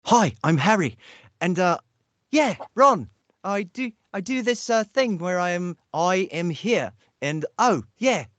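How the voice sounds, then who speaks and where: A man's voice: high-pitched, expressive, fairly bright tone, no echo, voice pushed up, heavily acted. Man doing a rambling British boy wizard Harry. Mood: playful. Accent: British, put on. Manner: halting, rambling bad impression. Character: young male British wizard schoolboy, earnest.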